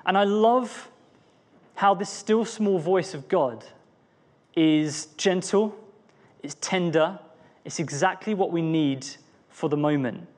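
A young man giving an earnest, personal devotional talk, often restarting his phrases. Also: fairly high pitch. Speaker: preacher.

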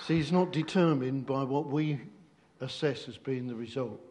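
A man's voice: medium pitch, normal speed, a little mellow, a little hiss or hum. A man leading a church meeting, responding to testimonies in an affirming, reflective way. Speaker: pastor. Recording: crowd faintly heard.

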